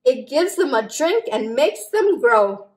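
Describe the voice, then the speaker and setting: Woman reading a patient storybook mother, calm, gently instructive, unhurried. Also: sits high, full character voice.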